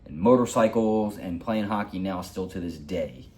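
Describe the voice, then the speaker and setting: Low-voiced man in his forties. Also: normal speed, warm tone, a little hiss or hum. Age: 40s. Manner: rambling, heartfelt, repeats himself. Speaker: hockey vlogger. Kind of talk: personal storytelling.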